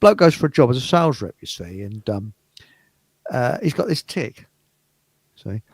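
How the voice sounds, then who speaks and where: A man's voice: mid-range voice, sing-song, moderate pace, darkish tone, dry recording. A man hosting a casual chat show, rambling through jokes and laughing at his own stories. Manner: chuckling, rambling joke-teller. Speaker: show host.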